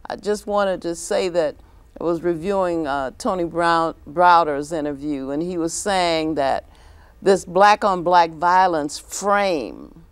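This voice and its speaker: A woman hosting a talk show, speaking deliberately as she quotes and clarifies points. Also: on the low side, clear, resonant tone, dry recording. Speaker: host.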